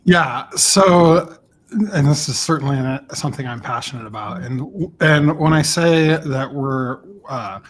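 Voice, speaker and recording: A man speaking on a panel in a halting way, restarting his sentences often. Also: mid-range voice. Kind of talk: panel discussion.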